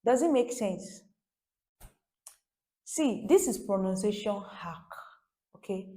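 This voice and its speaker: A woman leads a beginner French lesson at an unhurried pace, her voice mellow and warm. She keeps repeating phrases and checking in with her viewers through rhetorical questions. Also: medium pitch, expressive. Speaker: French teacher.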